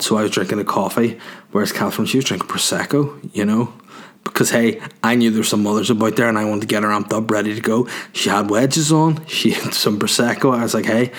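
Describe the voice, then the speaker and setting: A man with a Northern Irish accent delivering a rambling comic monologue as a podcast host. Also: fairly low pitch. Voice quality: rambling, tangent-prone delivery.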